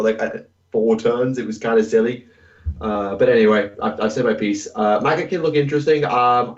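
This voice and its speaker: A man's voice: on the low side, distant mic, muffled recording. A man co-hosting a casual gaming podcast, reading listener questions and rambling through answers with plenty of hesitations. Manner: rambling and hesitant, with many fillers.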